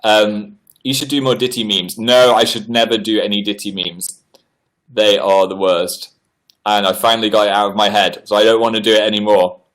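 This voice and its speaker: A man hosting a casual livestream, chattily reading out viewer messages and answering them, his pitch often jumping up on exclamations. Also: moderate pace. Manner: chatty, animated, reads messages aloud with upward-jumping pitch. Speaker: livestream host. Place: indoors at home.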